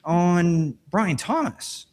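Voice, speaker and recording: A man co-hosting a fantasy football podcast, animated as he breaks down players and jokes with his co-host. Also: high-pitched, extremely slow, slight background noise. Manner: animated analyst, jokes and laughs. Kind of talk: casual podcast chat.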